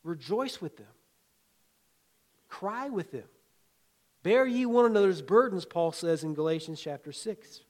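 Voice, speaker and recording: Folksy preaching man, fairly high voice. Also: expressive, measured pace, long pauses. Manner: folksy, conversational preaching with chuckles; swings between loud emphatic lines and quiet asides. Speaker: pastor. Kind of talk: sermon.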